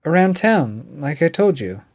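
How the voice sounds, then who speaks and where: A man reading an audiobook, voicing a defensive young woman with a raised pitch and clipped, evasive replies. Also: sing-song, a little slow. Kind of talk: audiobook dialogue.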